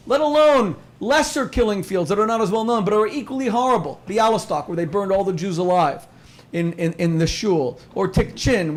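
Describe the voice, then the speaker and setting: A man hosting a public discussion, giving a passionate, rhetorical introduction and sometimes repeating words. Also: sits high. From United States. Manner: impassioned, rhetorical, stumbles over repeats. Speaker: host. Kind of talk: event introduction speech.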